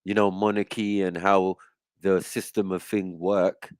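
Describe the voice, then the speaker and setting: A man's voice: low-pitched, level tone, measured pace, clean tone, dry recording. A man, a guest on a casual panel, explaining at length and checking in with his listener. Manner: explains at length, checks in with "right?" and "you get me".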